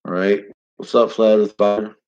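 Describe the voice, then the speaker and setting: A man's voice: fairly low pitch, little pitch movement, normal speed, a little mellow, dull audio. A middle-aged man hosting a casual live stream, talking bluntly and rambling, getting heated and swearing now and then.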